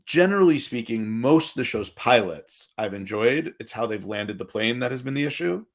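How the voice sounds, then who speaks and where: A man hosts a laid-back conversation, his voice rising and falling in lively swings at a middle pitch. He talks with an animated manner, often restarting his sentences mid-thought. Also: moderate pace. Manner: animated, many restarts and hedges. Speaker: podcast host. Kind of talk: casual chat.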